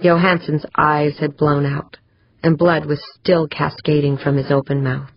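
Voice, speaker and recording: Low female narrator, steady audiobook read, dry and slightly dull sound. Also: a little slow, dry recording. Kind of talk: scripted narration.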